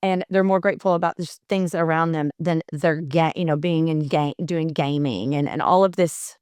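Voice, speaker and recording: A woman co-hosting a podcast, her voice sitting a bit low for a woman. She tells stories casually and with energy, slipping into the voices of the people she quotes. The sound is close and dry. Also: normal speed, clear, resonant tone, dry recording. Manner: animated, retells conversations in quotes, frequent restarts. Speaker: podcast co-host; mother of boys. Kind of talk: casual conversational storytelling.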